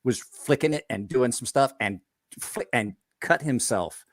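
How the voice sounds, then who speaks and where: A man's voice: medium pitch, unhurried, no room sound, clean studio sound. A man and knife maker telling stories in a casual podcast chat, acting out quotes and laughing often. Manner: animated storyteller, acts out quotes, laughs often.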